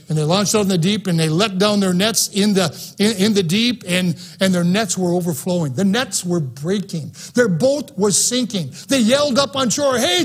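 A man preaching a sermon in an auditorium, fervent and emphatic, swinging between soft and loud passages. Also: sits high, expressive, normal speed, husky. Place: auditorium, live-streamed.

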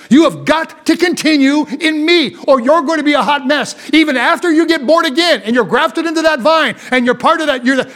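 A man with a notably high voice preaches from the pulpit. He reads old scripture passages aloud and explains them in plain words. He swings between fervent, emphatic stretches and soft, slowed-down asides. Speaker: pastor. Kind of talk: sermon with scripture reading.

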